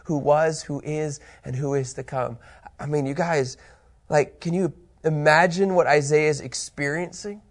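A man teaching a Bible study, animated and emphatic, reading scripture aloud with building intensity. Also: fairly high pitch, unhurried.

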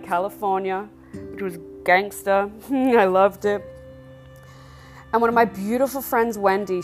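A woman hosting a podcast, telling her own faith testimony in a candid, emotional way. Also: medium pitch. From Australia. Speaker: podcast host.

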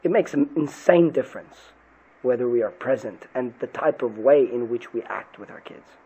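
Pastor guy on a podcast, kinda breathy husky voice, earnest, lots of rhetorical questions. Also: medium pitch, animated, normal speed, mellow, muffled recording. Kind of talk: podcast talk on parenting and faith.

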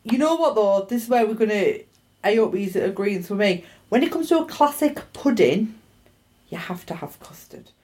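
A woman's voice: mid-range voice, animated, moderate pace, a little mellow. A woman co-hosting a podcast, chatting casually, teasing and interjecting often. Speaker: podcast co-host. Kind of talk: casual chat.

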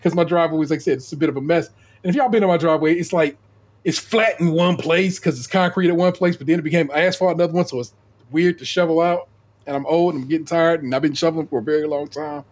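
Husky high-voiced man telling a story. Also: fast. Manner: animated storyteller, swears freely, stumbles and repeats words. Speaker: podcast co-host. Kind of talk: casual chat.

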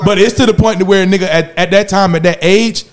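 A man's voice: sits high, fairly quick, soft background music. A young man in casual crude banter with friends, acting out his reactions as he tells stories. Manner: animated, acts out reactions.

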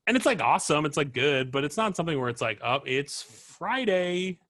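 A man chatting as a podcast guest, playful and rambling, quick to laugh. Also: on the high side, animated, a bit bright. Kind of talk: casual comedic chat.

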